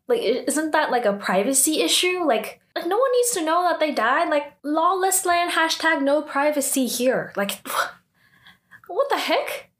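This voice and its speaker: A young woman casually recapping a TV drama episode, chatty and full of "like", her voice rising in disbelief at times. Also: a little high.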